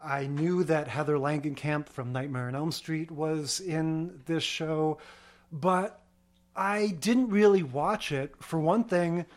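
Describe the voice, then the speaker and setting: A man co-hosting a podcast, giving relaxed, wry commentary on old sitcoms in casual chat. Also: fairly high pitch, takes it slowly. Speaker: podcast co-host. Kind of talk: casual chat about TV shows.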